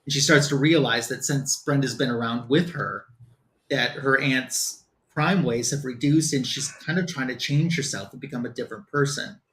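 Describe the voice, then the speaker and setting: A man's voice: medium pitch, normal speed, fairly bright tone. A man on a comic book show, casually recapping a plot in loose quoted dialogue with lots of fillers.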